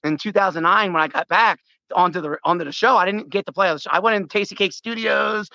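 A middle-aged man from the United States calls in to a sports talk show and tells a rambling, animated story with lots of restarts. His voice sits high and sounds bright and pressing. The line is dry and a little muffled. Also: quick pace, creaky, no echo. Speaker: caller.

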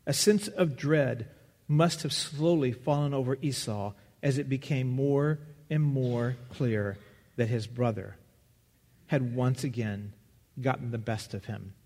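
A man preaching a sermon as pastor, earnest and searching, pausing and restarting as he goes. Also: medium pitch, darkish tone. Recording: long reverb of a large hall.

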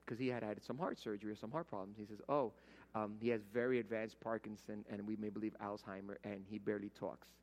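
Storytelling pastor in a reverberant hall. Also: male voice, lowish voice, steady tone, quick pace, darkish tone. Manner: storytelling, conversational, acts out quoted voices. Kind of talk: sermon.

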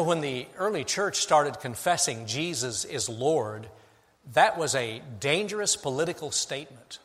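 A middle-aged man preaches from the pulpit of a church sanctuary, his slightly high voice dropping low and soft before climbing to emphatic peaks. His words ring out with a long reverb through the hall. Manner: dynamic preaching, swings from hushed to emphatic. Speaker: pastor. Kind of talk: sermon.

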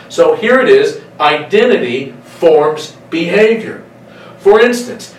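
A man preaching a sermon, emphatic, slowing down to stretch out key phrases. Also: fairly high pitch, a little hiss or hum. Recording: echoey room, voice from some distance.

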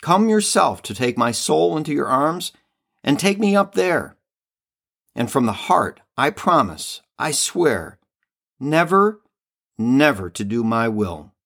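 A man's voice: mid-range voice, big pitch swings, slow, gravelly, a bit bright, exaggerated voice. A man reading the part of a devoted soul making a fervent, pleading vow in a devotional reading.

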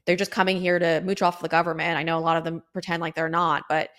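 A woman's voice: on the low side, flat delivery, fast talker, a bit bright. A woman hosting a political talk show, speaking in an emphatic conversational way with many fillers. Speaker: show host. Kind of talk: opinionated political commentary.

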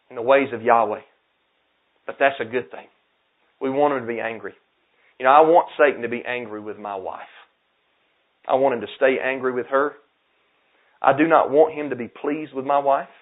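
Fervent man preaching over a tinny line. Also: a little high. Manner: fervent, swinging from loud exhortation to hushed emphasis. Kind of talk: sermon. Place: outdoor camp meeting in the woods. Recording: tinny phone-like sound.

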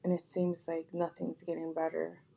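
A woman talks softly and directly to her viewers, offering heartfelt apologies and comfort. Her low voice has a gravelly, husky texture, and she often restarts and repeats her phrases. The tone stays dark and mellow throughout. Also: monotone, moderate pace. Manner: gentle, soft-spoken, repetitive, with frequent restarts. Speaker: vlogger.

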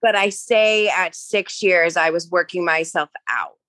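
A woman's voice: lowish voice, measured pace, fairly bright tone, dry recording. A woman in her thirties, a podcast guest telling her personal recovery story in an earnest, confessional way. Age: 30s.

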